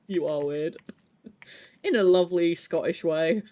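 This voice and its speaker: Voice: mid-range voice, lively intonation, slow, mellow. A streamer chatting casually with viewers from home, teasing, swearing and laughing often. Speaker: live streamer. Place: home, with a pet rabbit.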